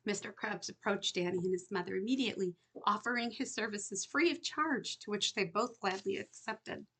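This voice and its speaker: A woman reads her own novel aloud in an earnest, unhurried audiobook narration. Her voice sits at an ordinary pitch, with a noticeably gravelly texture. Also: fairly bright tone. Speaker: author reading her novel.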